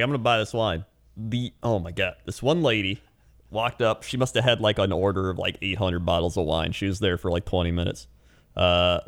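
A man co-hosting a casual chat, telling animated stories and mimicking people. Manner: animated storyteller, mimics people in high voices.

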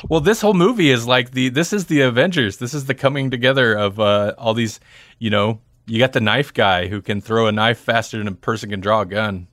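A man's voice: medium pitch, brisk, fairly bright tone, dry recording, clean studio sound. Chatty man rambling about movies. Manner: chatty, rambling, laughs easily. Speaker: podcast host. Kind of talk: casual movie-discussion chat.

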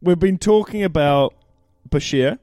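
A man's voice: on the high side, measured pace, mellow, no echo, clean studio sound. A man co-hosting a casual sports chat, laid-back and blunt in his banter. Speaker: podcast co-host.

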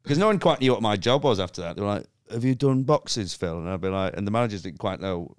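A man's voice: on the low side, lively intonation, very fast, clean tone, dry recording, studio quality. A man, a comedian guest, telling a story in casual chat, laughing and swearing often.

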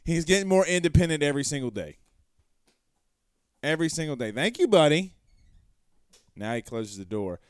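A man's voice: a little high, lively intonation, a little fast, pauses often, clean tone, no echo, clean studio sound. A man hosting a sports talk show, reading viewer comments aloud and rambling conversationally with rhetorical questions.

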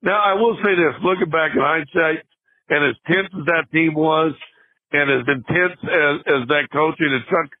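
Older man, higher-pitched, husky, tinny phone line, animated storyteller. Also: normal speed, dry recording. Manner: animated, laughing storyteller with many restarts. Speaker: podcast guest, former basketball player. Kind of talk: casual storytelling.

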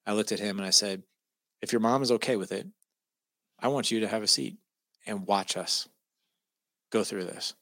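This middle-aged podcast guest has a fairly low voice and a moderate pace, with long pauses in a dry recording. Chatting casually, he tells a personal story and animatedly voices the people he quotes.

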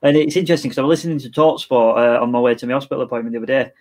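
A man co-hosts a casual football podcast and speaks quickly. His take is relaxed and opinionated, at a medium pitch. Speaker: podcast co-host.

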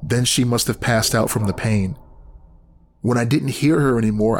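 A man reading a horror story aloud in scripted first-person narration, tense and steady. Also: mid-range voice, normal speed, a little hiss or hum.

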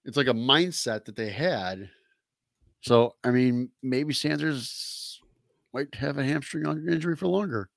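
A man of middle pitch talks sports in an easygoing way. He stammers and repeats his first words while finding his point. The recording is dry and close. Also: measured pace, gravelly, no room sound. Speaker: podcast co-host. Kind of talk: casual sports chat.

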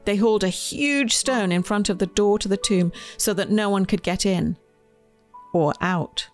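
In a gentle, expressive reading of her own children's storybook, a woman speaks at a measured pace with a medium-pitched voice, faint music behind her.

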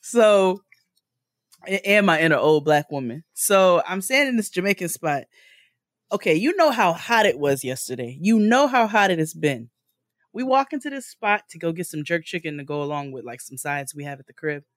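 A woman's voice: fairly low pitch, expressive, normal speed, no room sound, clean studio sound. Blunt comic woman podcast co-host. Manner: blunt, exaggerating comic storyteller. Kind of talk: casual chat.

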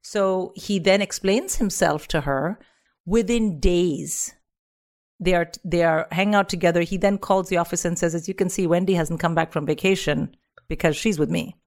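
A woman from India, a comedian guest, telling a story in a lively comic style and putting on the voices of the people in it. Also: lowish voice, normal speed.

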